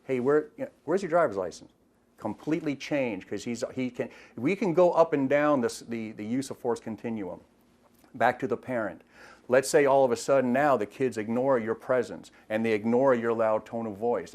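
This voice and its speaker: A man's voice: mid-range voice, normal speed, darkish tone. A middle-aged man, a retired police officer, explaining things in an interview in a plain way and often repeating words as he thinks.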